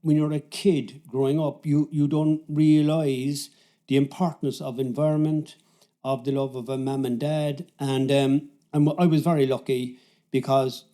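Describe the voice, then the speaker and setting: A man's voice: medium pitch, little pitch movement, a little slow, dark tone. A man in his seventies with a Cork Irish accent, telling his story casually as a podcast guest, rambling and restarting his sentences. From Ireland. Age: 70s. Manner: rambling, self-interrupting, friendly. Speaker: podcast guest, fitness coach.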